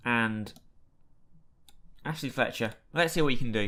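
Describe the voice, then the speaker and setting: A man's voice: mid-range voice, animated, unhurried, pauses often. A man casually commentating his own football management game, chatty and given to exasperated outbursts at what happens. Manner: chatty, reacts loudly to match events with exasperated outbursts. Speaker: gaming YouTuber. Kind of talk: casual Let's Play commentary.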